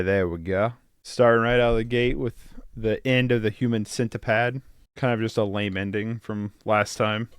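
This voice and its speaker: Guy chatting thru a movie watch-along, kinda low voice, clean and smooth, laughs a lot. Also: dry recording, clean studio sound. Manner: chatty, wry, laughs often, trails off mid-sentence. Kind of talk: casual live reaction commentary. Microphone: headphones with desk mic.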